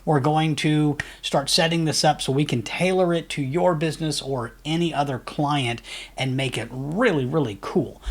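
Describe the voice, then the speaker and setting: A man who runs an agency, talking casually through a software tutorial with upbeat, rambling speech and frequent fillers. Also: on the high side. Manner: loose, rambling, many fillers and restarts; enthusiastic, says "really cool" often. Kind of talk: casual screen-share tutorial.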